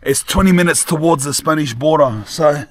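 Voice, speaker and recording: A young man filming a casual travel vlog, talking in excitable slang and calling the viewer bro, cuz and lad. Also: on the high side, moderate pace, slight background noise. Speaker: travel vlogger.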